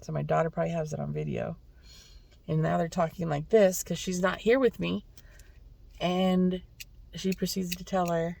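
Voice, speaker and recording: A middle-aged woman shares a story straight to camera, taking her time over each phrase. Her voice has a gravelly, fry-laced edge, and she sounds close to tears as she acts out the lines of the people in it. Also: lowish voice, darkish tone. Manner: emotional, tearful retelling; acts out others' lines in quotes. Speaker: vlogger. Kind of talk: casual storytelling.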